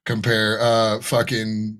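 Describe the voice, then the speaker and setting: A man's voice: lowish voice, monotone, takes it slowly, a bit bright. A man co-hosting a casual podcast, rambling and swearing freely as he riffs. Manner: rambling, profane, slips into silly voices. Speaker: podcast co-host.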